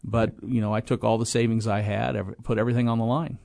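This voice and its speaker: Fairly low and level, with vocal fry and a darkish tone, this man's voice moves at a quick pace in a studio-quality recording without echo. He is a middle-aged apartment property owner, in his 20s in 1997, interviewed as a guest and telling a long, rambling business story full of restarts and acted-out quotes.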